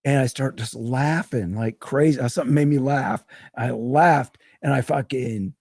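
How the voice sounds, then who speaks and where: A man's voice: mid-range voice, normal speed, vocal fry, few pauses, a little mellow, no echo, studio quality. A man telling a long, rambling, profane story in a casual podcast chat. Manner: rambling, profane, laughs through his own story.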